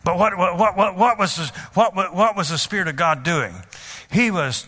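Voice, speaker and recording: Male preacher telling his story, animated, stumbles and repeats words, high and super bright voice. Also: moderate pace. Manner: animated, repeats words, bursts into loud pleading. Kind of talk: sermon testimony storytelling.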